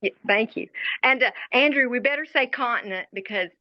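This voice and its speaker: A woman co-hosting a live video-call show, gushing warmly and laughing often. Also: fairly high pitch, fairly quick, lo-fi sound. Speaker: co-host. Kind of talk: casual Zoom talk show chat.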